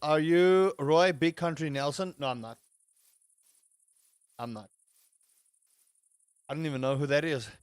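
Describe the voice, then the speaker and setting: A man's voice: fairly high pitch, unhurried, long pauses, smooth, no room sound, studio quality. A man hosting a livestream in casual chat, reading out and answering chat with playful jokes and mock outrage. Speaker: livestream host.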